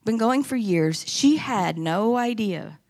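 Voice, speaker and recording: A woman's voice: mid-range voice, lively intonation, takes it slowly, a little mellow. A woman giving an impassioned sermon testimony in a church, rising into emphatic preaching. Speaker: church speaker. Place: church sanctuary.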